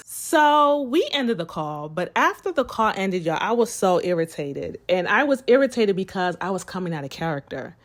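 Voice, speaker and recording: A young woman tells a personal story to her viewers in a casual, chatty way. She is animated, often calls them y'all, and acts out the people she quotes. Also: mid-range voice, moderate pace, few pauses. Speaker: storytime vlogger.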